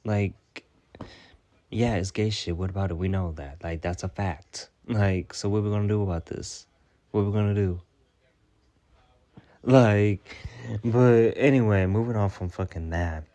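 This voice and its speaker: A man's voice: lowish voice, a little slow, long pauses, warm tone. A man ranting through a storytime vlog, profane and exasperated, firing off rhetorical questions. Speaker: storytime vlogger. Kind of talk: casual storytime rant.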